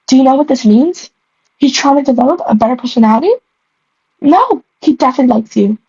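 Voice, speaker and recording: A woman voicing a gossipy teenage schoolgirl, teasing and matter-of-fact, in a husky voice. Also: high voice, animated, quick pace, warm tone, no echo, lo-fi sound, full character voice.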